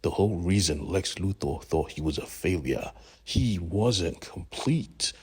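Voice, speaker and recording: A man's voice: sits low, lively intonation, unhurried, husky. A man casually retelling a comic book story, slangy and profane. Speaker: comic book recap narrator.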